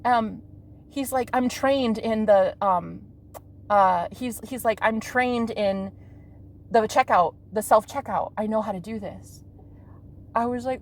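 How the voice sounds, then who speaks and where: A woman's voice: a little high, unhurried. A young woman vlogger telling a story to her viewers in a gushing, chatty way, swearing and quoting people as she goes. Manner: gushing, breathless, swears and laughs often. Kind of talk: casual storytelling to camera.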